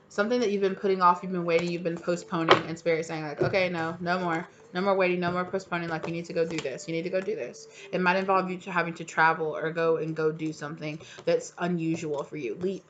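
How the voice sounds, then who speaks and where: A woman's voice: fairly low pitch, steady tone, fast, dull audio, slight background noise. A woman giving a casual, encouraging tarot reading to her viewers, talking loosely with lots of "you know" and "like". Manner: chatty and encouraging, many fillers like "you know". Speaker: tarot reader.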